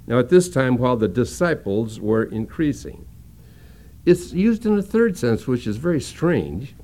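A man's voice: medium pitch, big pitch swings, measured pace, warm tone. A man preaching a sermon as pastor, explaining a passage step by step and repeating words as he searches for them.

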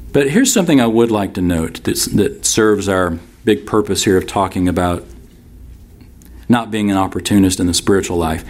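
A man with a fairly low voice preaching from the pulpit. He reads scripture and then unpacks it in an easy, conversational way. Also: darkish tone. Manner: expository preaching, conversational asides. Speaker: pastor. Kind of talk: sermon.

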